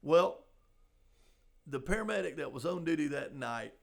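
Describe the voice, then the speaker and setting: An older man, a police sergeant, telling a personal story in a halting, conversational way, full of "you know". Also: a little high, animated, gravelly. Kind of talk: storytelling in a podcast interview.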